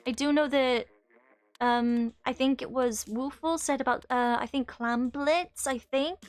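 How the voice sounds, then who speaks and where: A woman's voice: high voice, fairly even intonation, a little slow. A woman in her twenties chatting casually on a live stream while she plays, reading chat aloud and laughing often. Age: 20s.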